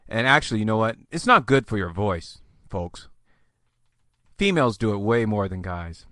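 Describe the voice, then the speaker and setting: A man's voice: lowish voice, sing-song, moderate pace, a bit bright, dry recording, studio quality. A man hosting a solo podcast, giving fantasy football advice in a chatty, joking, rambling way. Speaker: podcast host.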